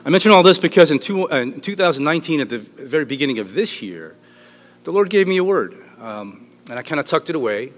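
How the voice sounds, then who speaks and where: A man's voice: on the high side, lively intonation, fast. Joking middle-aged man preaching in a hall. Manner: joking, rambling with restarts. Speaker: pastor. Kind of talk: sermon. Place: church hall. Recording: echoey hall with long reverb.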